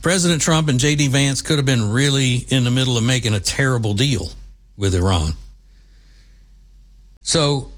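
Pounding his arguments through repetition, a U.S. man hosts a combative, emphatic political commentary monologue full of opinion. His medium-pitched voice moves at a moderate pace with long pauses.

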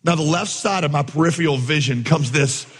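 Husky-voiced man preaching in an echoing hall. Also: a little high, brisk. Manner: animated storyteller, acts out voices, laughs along. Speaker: pastor. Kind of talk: sermon with a personal story. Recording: long hall reverb.

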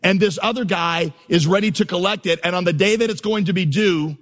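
A man's voice: high voice, fairly quick, a bit bright, in a large hall. A man preaching a sermon as a pastor, moving between storytelling and rhythmic, building lists. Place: church auditorium.

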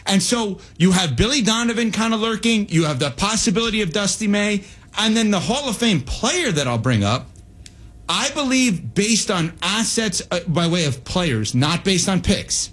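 A male sports radio host talks fast and animated, slipping into quoted asides. He sounds out of breath. His voice sits high for a man and has a husky, breathy edge.

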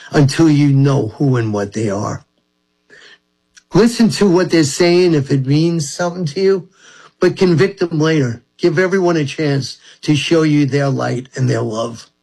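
An older man from Brooklyn talks in a rambling, earnest way about spiritual matters. His voice sits a little high for a man. He tells long personal stories as a talk-show guest. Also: a little mellow, husky, poor audio. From Brooklyn, New York. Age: 70s. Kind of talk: reflective storytelling.

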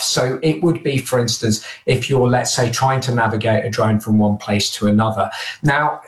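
A male expert explains a technical subject point by point. His manner is methodical and patient. The sound carries noticeable room echo. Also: mid-range voice. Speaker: defence analyst. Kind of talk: explanatory interview.

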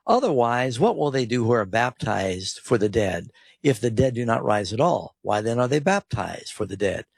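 A man's voice: medium pitch, very animated, normal speed, gravelly, slightly rough, dry recording. A man hosting a call-in Bible radio show, answering questions and reading scripture aloud with stressed emphasis. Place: radio studio.

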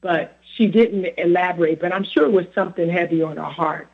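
A man's voice: sits high, a little fast, vocal fry. A man with a sore throat, a guest in a casual chat, earnestly telling family stories. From Philadelphia. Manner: storytelling, earnest. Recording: phone-like line.

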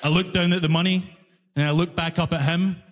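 A man with a Glaswegian accent doing stand-up, telling a story in an animated, exasperated way with shouted punchlines, live in a large concert hall. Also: fairly high pitch, a little fast. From Scotland. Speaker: stand-up comedian.

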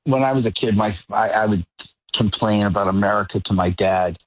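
A male radio roundtable guest with a wry, relaxed way of talking, calling in over a remote line. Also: on the low side, a little fast, no room sound. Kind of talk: casual talk radio discussion. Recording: tinny phone-like remote line.

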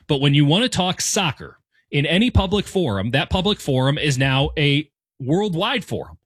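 American man in his thirties, slightly high voice. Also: very animated, normal speed, a bit bright, slightly rough, dry recording. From United States. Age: 30s. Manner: candid, wry and self-deprecating, with frequent restarts. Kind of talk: casual opinion monologue. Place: home room decorated with soccer scarves and flags.

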